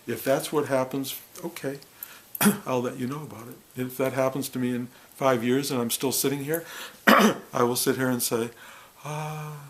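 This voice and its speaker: A man speaking as a spiritual teacher to a gathering, earnest and heartfelt, in short halting phrases. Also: mid-range voice, gravelly, fairly bright tone, rough recording. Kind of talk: reflective spiritual talk to a gathering.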